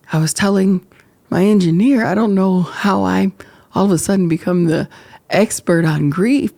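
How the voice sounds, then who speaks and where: A woman talks openly to the camera as the host of her own podcast, emotional and reflective, sometimes halting. Her voice is mellow and gravelly, with a low rasp. The sound is dry and close, with no room echo. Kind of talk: candid personal talk to camera. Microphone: camera framing.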